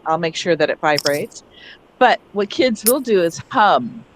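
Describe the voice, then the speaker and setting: A woman leading an online teacher workshop over a video call, animated and demonstrating sounds herself. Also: on the low side, unhurried, slight background noise. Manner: animated, acts out calling for help. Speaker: teacher trainer.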